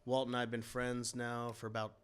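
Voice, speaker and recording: A man speaking as a podcast co-host in casual chat, laid-back and joking, often pausing with ums and uhs. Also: medium pitch, completely flat delivery, a bit bright, clean tone. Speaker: podcast co-host and former baseball player.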